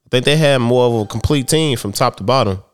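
A man's voice: mid-range voice, quick pace, clean tone. A man in casual sports talk with friends, hesitant and restarting often, with loose slang.

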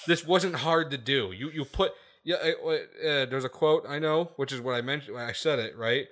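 A man's voice: mid-range voice, normal speed, hardly any pauses, fairly bright tone. A man hosting a casual podcast, ranting emphatically with lots of swearing and repeated "okay?" checks. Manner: profane, laughs at his own points.

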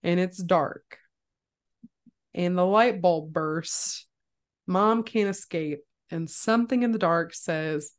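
A young woman co-hosting a podcast, casually retelling a horror film scene by scene and acting out the quotes. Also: takes it slowly. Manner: animated storyteller, acts out quotes with jumps in pitch. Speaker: podcast co-host.

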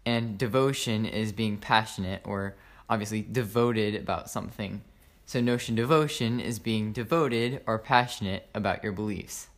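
A man's voice: fairly low pitch, moderate pace, a bit bright. A young man co-hosting a casual podcast, playful and patient, redoing takes and explaining terms carefully. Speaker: podcast co-host.

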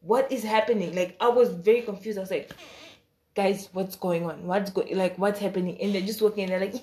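A woman's voice: mid-range voice, brisk. A woman telling a story in a casual, chatty way, with slang, asides and laughter, acting out the voices of the people in her story. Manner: animated, acts out quoted dialogue with shifting voice.

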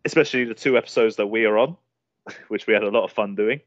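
A man co-hosting a casual podcast, laughing often and speaking in an animated way. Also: fairly low pitch, fast talker, no room sound, muffled recording. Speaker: podcast co-host.

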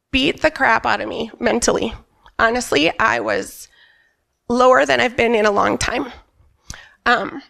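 Brief: middle-aged woman, heavy vocal fry, frank and emphatic church testimony. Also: on the high side, fairly bright tone. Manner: candid, emphatic storyteller who quotes herself. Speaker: church member giving a testimony. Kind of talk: personal testimony at a church service. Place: church stage.

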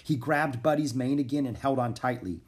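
A man narrating a children's chapter book in a calm, even reading voice. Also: mid-range voice, moderate pace. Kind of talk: storybook narration.

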